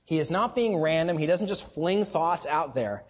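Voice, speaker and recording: A man's voice: on the high side, animated, moderate pace, slightly rough, dull audio. A man preaching a teaching sermon, emphatic and explanatory, who keeps asking rhetorical questions and answering them. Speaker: pastor or Bible teacher.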